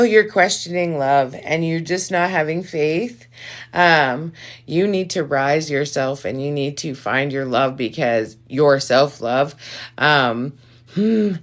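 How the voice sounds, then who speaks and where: A woman with a low, slightly raspy voice hosts a casual live stream. She talks slowly and unhurriedly, effusive and full of swearing, handing out blunt advice to her viewers. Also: fairly bright tone. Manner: profane, effusive, gives direct advice. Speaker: live stream host giving readings.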